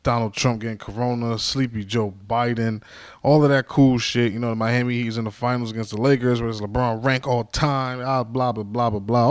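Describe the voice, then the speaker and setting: A man's voice: medium pitch, steady tone, fairly quick, no room sound, studio quality. Rambling self-mocking male podcast host. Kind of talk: casual solo podcast monologue.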